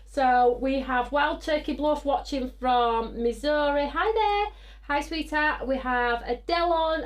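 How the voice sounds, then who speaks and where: A woman hosting a live craft show, chatting excitedly, whooping and reading out viewer comments. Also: sits high, unhurried. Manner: bubbly and excitable, whooping and laughing.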